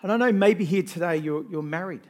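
A male pastor preaching a sermon to a congregation, shifting between soft storytelling and loud, rousing exhortation built on repeated lists. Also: high voice, brisk. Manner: emphatic, repetitive lists.

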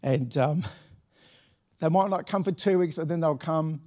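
A man's voice: fairly high pitch, a little slow, darkish tone. A middle-aged man, a pastor telling a story from the pulpit in a chatty, laughing way with many restarts. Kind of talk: sermon anecdote.

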